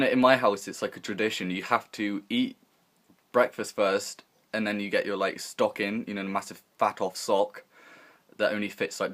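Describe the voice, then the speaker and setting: Young guy rambling through a story. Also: fairly low pitch. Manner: rambling, animated, swears freely, acts out quotes. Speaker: vlogger. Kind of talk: casual storytelling.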